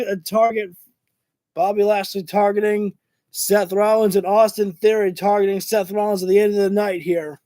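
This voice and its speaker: A man doing live watch-along commentary of a wrestling show, excitable, shouting and cursing at the action, sometimes tripping over his words. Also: high-pitched. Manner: rambling, stumbles over words.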